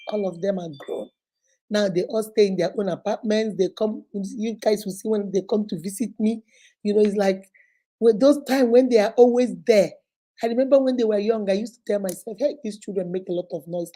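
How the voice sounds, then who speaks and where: A woman in her fifties hosts a relaxed live stream. Her voice is mellow and sits at an ordinary pitch. She chats casually, laughs often and greets her viewers one by one. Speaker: host.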